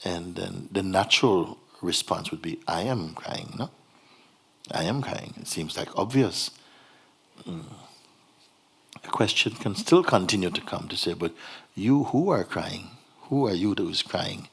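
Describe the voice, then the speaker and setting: Husky gentle spiritual teacher, man. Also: low-pitched, lively intonation. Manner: gentle, unhurried, laughs often. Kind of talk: satsang dialogue. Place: hall.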